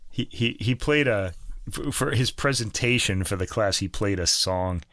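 A middle-aged man with a lowish voice co-hosts a music podcast, rambling along in relaxed chat and laughing at his own jokes. The recording is dry and close, with no room sound. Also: normal speed, dry recording. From United States. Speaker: podcast co-host. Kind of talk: casual chat.

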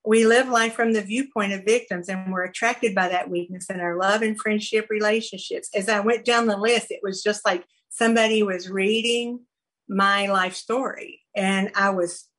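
A woman giving a personal recovery testimony, earnest and halting, with many fillers and restarts. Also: mid-range voice, steady tone, fairly bright tone, low-quality recording. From American South. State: briefly choked up. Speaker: recovery program speaker sharing her story.

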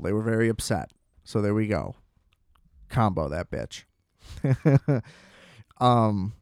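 A man's voice: medium pitch, darkish tone, clear, resonant tone, no echo, clean studio sound. A young man casually reviewing a TV series in a rambling monologue, with lots of filler words and profane asides. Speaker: show reviewer.

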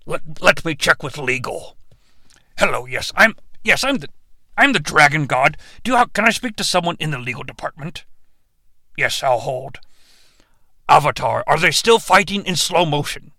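A man doing a hushed, pompous dragon god. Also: fairly high pitch, big pitch swings, normal speed, dry recording, studio quality, voice pushed down, heavily acted. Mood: solemn, fussy. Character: pompous male dragon god, fussy and bureaucratic.

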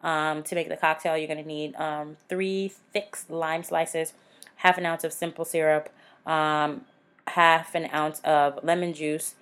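Woman, southern us accent, podcast co-host, casual chat, laughs a lot, lowish voice. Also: measured pace, smooth. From American South. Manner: laughs often, animated, drifts into voiced asides.

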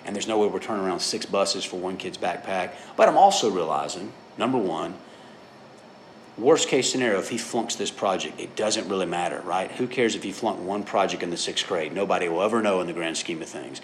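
A man's voice: low-pitched, animated, fairly quick, slight background noise. A middle-aged man preaching a sermon in a conversational, storytelling way, often checking in with his listeners. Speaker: pastor.

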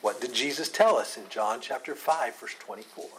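A man's voice: mid-range voice, moderate pace, fairly bright tone, slight background noise, poor audio. Earnest man teaching a Bible study. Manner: earnest, asks rhetorical questions, repeats phrases.

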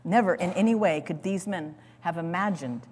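A woman's voice: on the low side, moderate pace, darkish tone, slightly rough. A woman teaching a sermon in dramatic storytelling style, repeating words as she goes. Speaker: Bible teacher. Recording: long hall reverb.

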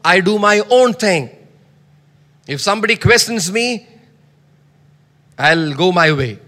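A man preaching a sermon, reading scripture loudly and dropping to soft asides. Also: high-pitched, lively intonation, slow pace, long reverb tail. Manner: emphatic, swings between soft asides and loud scripture reading.

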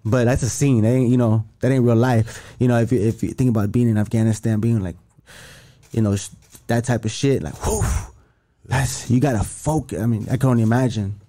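Rambling, profane man with a dark voice. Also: mid-range voice, fairly even intonation, brisk. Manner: rambling, profane, many restarts. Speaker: podcast guest. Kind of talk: casual chat.

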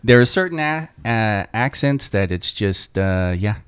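A man with a lowish voice co-hosting a podcast. He stammers and restarts before dry jokes, his pitch moves a lot, and the sound is close and dry. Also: animated, measured pace, smooth, dry recording. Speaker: podcast co-host. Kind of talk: comedic banter.

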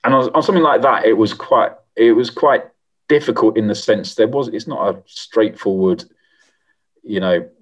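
A middle-aged man, a former member of parliament, answering interview questions in a measured, reflective way with frequent pauses and restarts. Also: on the low side. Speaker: former MP, guest.

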